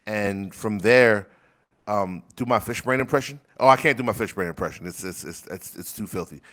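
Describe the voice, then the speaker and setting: Speaking at a moderate pace in a fairly low, slightly bright voice, this rapper chats casually into a desk mic. He rambles crudely, laughing a lot as he shares stories from his rap community.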